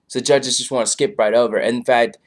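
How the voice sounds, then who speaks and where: A man's voice: mid-range voice, fairly even intonation, a little fast. A man casually reviewing a comedy show, rambling loosely with lots of fillers. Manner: loose, filler-heavy, laid-back.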